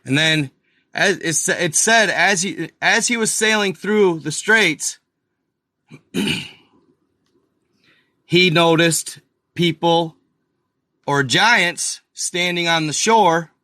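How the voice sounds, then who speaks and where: Slow, bright-voiced man talking to viewers. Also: on the high side, dry recording, studio quality. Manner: slow, rambling, addresses viewers as y'all; exasperated asides, mutters to himself. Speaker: channel host. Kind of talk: casual live-stream commentary over a map.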